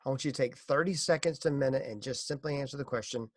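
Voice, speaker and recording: A man's voice: medium pitch, fast talker, hardly any pauses, dry recording. A middle-aged man hosting a casual motivational podcast, earnest and encouraging as he speaks straight to listeners. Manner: earnest, encouraging, tells a corny joke. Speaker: podcast host.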